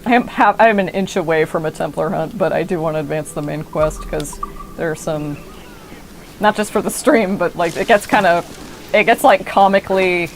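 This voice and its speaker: A woman's voice: on the low side, moderate pace, slight background noise, rough recording. A woman streaming a game, giving rambling, self-correcting casual commentary.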